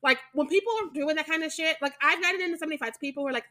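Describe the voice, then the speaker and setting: A young woman co-hosting a podcast in casual chat, blunt and animated, swearing freely. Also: high-pitched, very fast. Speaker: podcast co-host.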